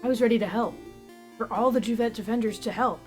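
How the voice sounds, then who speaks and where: A woman voicing an earnest young male warrior in a game, in a slightly deep-ish voice as she reads his lines aloud. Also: fast talker, soft background music, natural voice.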